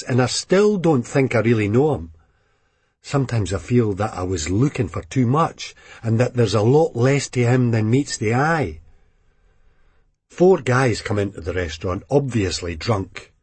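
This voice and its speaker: Husky male audiobook narrator. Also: mid-range voice, dry recording. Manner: wry, seething first-person storytelling with frequent swearing. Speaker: audiobook reader. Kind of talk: first-person novel narration.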